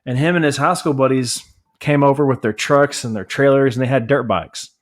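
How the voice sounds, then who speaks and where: A man co-hosting a podcast, telling a long story in an animated, rambling rant. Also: mid-range voice, brisk. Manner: married family man. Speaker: podcast co-host. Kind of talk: casual chat.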